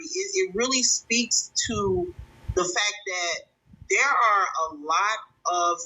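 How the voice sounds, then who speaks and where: A woman's voice: medium pitch, takes it slowly, sharp tone, husky, low-quality recording. A woman hosting a livestream commentary show, reading chat and reacting with indignation, often restarting her sentences.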